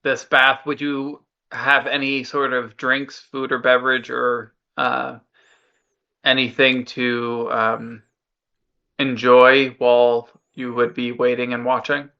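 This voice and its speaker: Slow chill dm guy, really bright clear voice, lots of ums. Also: medium pitch, little pitch movement, highs cut off. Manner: unhurried, filler-heavy, casual. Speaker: game master. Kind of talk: narrating a tabletop game.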